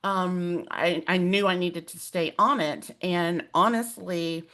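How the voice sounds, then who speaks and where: Chatty woman hosting, lowish voice. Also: takes it slowly. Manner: animated, emotional storytelling with many fillers. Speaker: host. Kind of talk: conversational webinar hosting.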